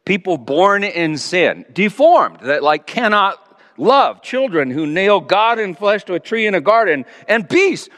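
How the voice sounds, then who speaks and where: A man in his sixties preaches in a wry, self-mocking way, with a voice that sits high for a man. His delivery swings between quiet, low asides and loud, raised outbursts. The sound rings out with the long reverb of a large hall. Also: very animated, a little slow. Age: 60s. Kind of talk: storytelling sermon.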